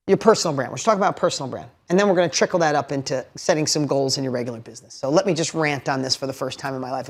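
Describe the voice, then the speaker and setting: A middle-aged man giving a motivational talk to a live audience, emphatic, repeating key lines and putting questions to the listeners. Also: fairly high pitch. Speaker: motivational speaker.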